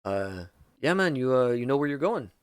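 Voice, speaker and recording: A man's voice: mid-range voice, very animated, moderate pace, smooth, no echo, studio quality, lightly acted. A man playing a laid-back male parking garage attendant who talks casually with fillers.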